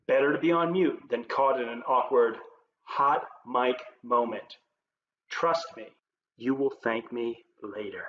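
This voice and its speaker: A man presenting as a leadership coach, giving scripted tips to camera in a clear, upbeat presenter manner. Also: medium pitch. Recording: roomy, slightly dull with faint noise.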